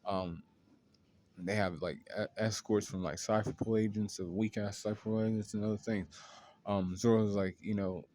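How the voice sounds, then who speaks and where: A man's voice: on the low side, steady tone, normal speed, a little mellow. A man casually retelling a long story in a loose, rambling way, with lots of fillers and swearing. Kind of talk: casual anime recap.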